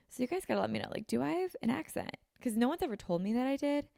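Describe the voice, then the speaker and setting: A young American woman from the Philadelphia suburbs hosts a podcast from an apartment room, chatting casually and saying "like" constantly while sounding a little sniffly with a slightly runny nose. Her medium-pitched voice has vocal fry and a darkish tone. The dry, studio-quality recording comes through a podcast mic set up with video.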